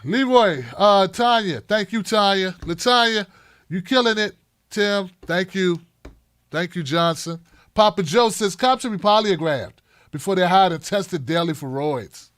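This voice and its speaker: A man's voice: sits high, a little slow, a bit bright, smooth, no echo, clean studio sound. A middle-aged man hosting a live-streamed talk show, reading chat by name and ranting in a blunt, profane way.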